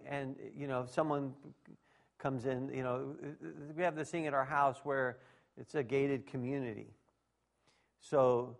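A man's voice: medium pitch, creaky. A man preaching a sermon as pastor, talking in a folksy, conversational way and asking the congregation rhetorical questions.

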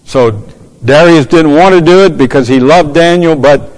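A man's voice: a little high, normal speed, a little mellow. Fervent preacher man in a reverberant hall. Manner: fervent, repeats words, quotes scripture in old English. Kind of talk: sermon.

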